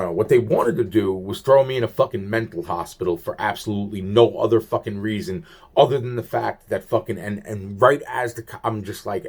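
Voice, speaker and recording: A man with a somewhat low voice talks straight through a long personal story. He swears constantly and drifts from thought to thought. He often breaks off a sentence and starts it again. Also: a little mellow, breathy edge. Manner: heavily profane, rambling, restarts sentences. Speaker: vlogger recounting personal events. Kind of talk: rambling first-person monologue.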